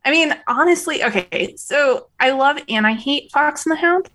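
A woman guest sharing her feelings on a podcast, halting and emotional with lots of restarts. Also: high voice, lively intonation, fairly bright tone. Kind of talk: casual podcast chat.

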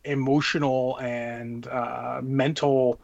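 A man's voice: mid-range voice, flat delivery, takes it slowly, gravelly, darkish tone, lo-fi sound. A man co-hosting a podcast, chatting casually, cursing freely and handing out easygoing advice. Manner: laid-back, swears freely, gives advice. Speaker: podcast co-host. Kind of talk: casual chat.

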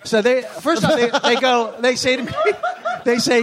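A man's voice: very high-pitched, moderate pace, a crowd in the background. A man telling stories in a casual comedic chat, swearing freely and laughing often.

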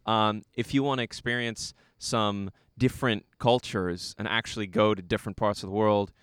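Low smooth-voiced young American man. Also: steady tone, normal speed, fairly bright tone, no echo, studio quality. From United States. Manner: rambling, filler-heavy storytelling with frequent "like". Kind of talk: casual conversation.

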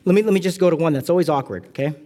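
A middle-aged man from California preaching a sermon, with animated, self-deprecating stories and asides. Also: a little high, rapid-fire. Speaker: pastor.

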